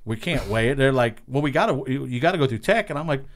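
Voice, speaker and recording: Casual storytelling comes from a middle-aged man from Long Island, New York, who works as a racing spotter; he swears freely and animatedly plays out other people's lines. He talks quickly in a mid-range voice.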